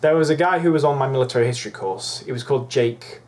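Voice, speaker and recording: Young man, swearing, indignant, rambling, mid-pitched vlogger. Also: fast, darkish tone. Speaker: YouTuber. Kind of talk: ranting vlog monologue.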